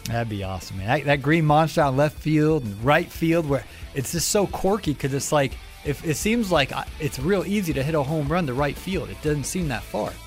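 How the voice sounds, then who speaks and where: A man's voice: fairly high pitch, expressive, brisk, hardly any pauses, faint music behind. A man hosting a podcast, chatting casually in a rambling way with many restarts. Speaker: podcast host. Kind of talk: casual interview chat.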